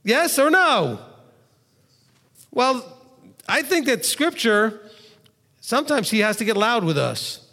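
Passionate rabbi preaching in an echoing hall. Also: male voice, very high voice, big pitch swings, measured pace, vocal fry, pauses often. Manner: passionate, gets loud to stress points, quotes scripture. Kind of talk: sermon.

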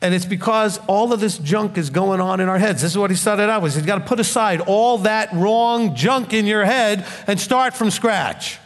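A man's voice: sits high, normal speed, hardly any pauses, big-room sound. A man in his fifties preaching a sermon in a blunt, emphatic, scolding manner. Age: 50s.

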